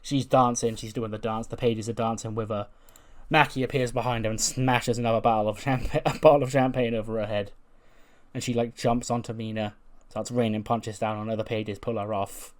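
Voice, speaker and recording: A man casually narrates a wrestling simulation playthrough in a mid-range, steady voice at a fairly quick pace. He's chatty and full of fillers, laughing now and then.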